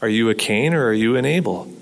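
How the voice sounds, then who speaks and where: A man's voice: medium pitch, fast talker, gravelly. A man preaching a sermon in an earnest way, asking rhetorical questions and repeating words as he restarts. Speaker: pastor. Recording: long hall reverb.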